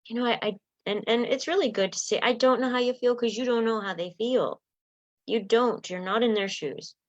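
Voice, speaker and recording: A woman's voice: mid-range voice, normal speed, dry recording, muffled recording. A woman coach giving a spoken self-help lesson, earnest and direct, often acting out sample lines of what to say.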